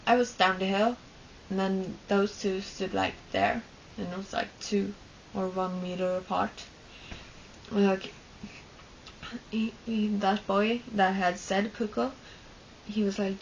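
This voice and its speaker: A young woman whose first language is Swedish tells a scout-leader story in a slow, rambling way, filling it with "like." Her voice has a gravelly fry to it. The recording sounds dull and lo-fi, with a faint hiss behind her. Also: medium pitch. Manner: rambling, filled with "like" and restarts. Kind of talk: casual storytelling.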